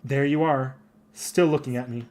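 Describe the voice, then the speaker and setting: A man speaks as a reserved woman warrior from a video game. The delivery stays quiet and restrained, with a cold menace underneath. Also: fairly even intonation, moderate pace, natural voice. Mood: cold, wistful. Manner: subdued, cold, low-key threatening. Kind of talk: voicing game dialogue aloud.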